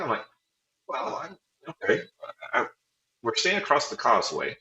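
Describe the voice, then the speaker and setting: A man's voice: mid-range voice, huge pitch swings, measured pace, long pauses, pushed and bright, roomy sound, lo-fi sound, slight background noise. A man, a former band director, telling self-deprecating stories in a casual interview and acting out quotes with a laugh.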